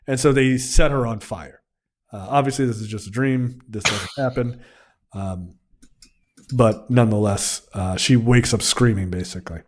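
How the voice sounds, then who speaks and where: A young adult man co-hosting a casual film review podcast, rambling and laughing often as he recaps the plot. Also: mid-range voice. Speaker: podcast co-host.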